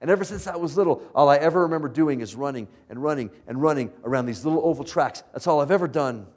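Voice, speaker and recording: A man voicing a weary champion racing dog, speaking calmly and reflectively while telling a story to students. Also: fairly high pitch, quick pace, close to an everyday voice.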